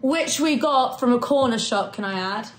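Brief: young female vlogger, high bright pitch, chatty, noisy background. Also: moderate pace. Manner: chatty, animated storyteller. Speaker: travel vlogger. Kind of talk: casual vlog chat.

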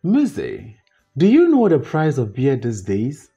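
An earnest young farmer husband, apologetic and pleading, his voice swinging widely in pitch , as an audiobook reader takes him on. The tone is dark and mellow. Soft music plays underneath. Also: huge pitch swings, takes it slowly, creaky, dull audio, exaggerated voice.

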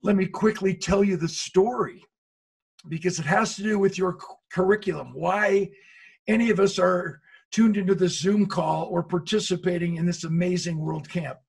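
A man's voice: sits high, normal speed, vocal fry. An older American man giving a motivational talk on a video call, telling stories dramatically. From USA. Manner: dramatic, animated storyteller. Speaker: motivational speaker. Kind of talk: storytelling lecture on a video call.

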